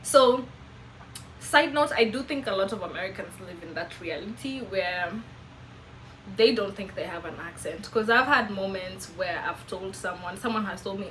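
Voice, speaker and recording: A young Kenyan woman with a Meru accent, whose first language is Kimeru, chatting casually to camera in an animated way and laughing often. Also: medium pitch, moderate pace, slight background noise, low-quality recording. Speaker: vlogger.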